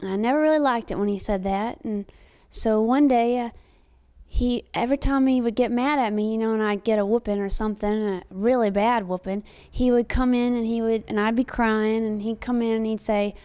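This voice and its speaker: A woman's voice: on the high side, fairly even intonation, normal speed, dark tone, clean tone. A young woman telling a comic personal story in a rambling way, full of fillers and restarts. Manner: rambling, filler-heavy retelling.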